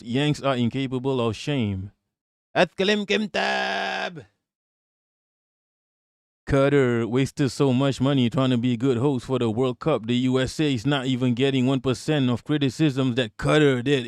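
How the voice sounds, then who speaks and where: A man's voice: medium pitch, dry recording, studio quality. A man hosting a live stream, reacting to news clips with profane, laughing rants. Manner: ranting, profane, quick to laugh. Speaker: livestream host.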